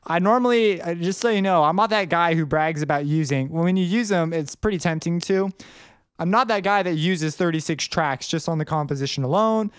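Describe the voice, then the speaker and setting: A man producer talks through his tutorial in a loose, rambling way, stopping to correct himself. His voice is smooth and a bit high for a man. It sounds close and dry, with no room echo. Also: a little fast. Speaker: music producer teaching track production. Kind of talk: casual tutorial talk.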